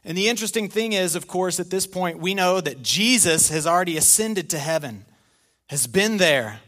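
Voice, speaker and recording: A middle-aged male pastor preaching a sermon in an animated, conversational way with self-deprecating humor. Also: high voice, normal speed.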